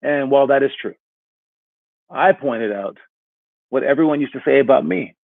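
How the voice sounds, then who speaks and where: A man's voice: medium pitch, normal speed, vocal fry, no echo. A man giving a casual motivational talk as a coach, rambling and asking "all right?" again and again. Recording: tinny phone-like audio.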